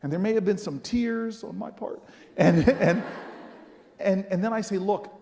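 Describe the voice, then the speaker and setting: A man, a senator speaking at a rally, telling a personal story in an animated, dramatic, self-mocking way in a large hall. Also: sits high, normal speed, creaky. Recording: long reverb from a large hall.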